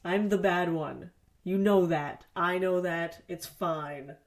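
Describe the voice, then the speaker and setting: Speaking slowly with a fairly low pitch, this solo podcast host chats in a loose, wandering way, full of profanity and self-deprecating humor. She records in her home basement studio, using the wrong side of the studio microphone.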